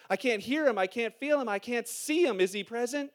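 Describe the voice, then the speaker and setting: A man with a strikingly high voice preaches to his congregation in church. He talks in a lively, conversational way, asking the room questions and telling humorous family stories. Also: moderate pace. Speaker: pastor. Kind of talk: sermon. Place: church hall before a congregation.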